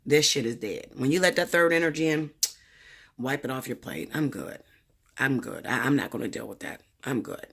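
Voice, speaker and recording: A woman giving a casual tarot reading, talking bluntly and profanely with animated storytelling. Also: very deep voice, normal speed, gravelly, husky. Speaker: tarot reader.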